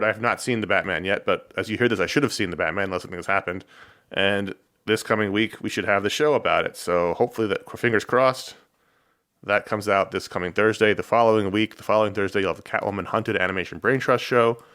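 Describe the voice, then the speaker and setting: A man's voice: lowish voice, fast, a bit bright. A man co-hosting a podcast in casual chat, easygoing and teasing. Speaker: podcast co-host.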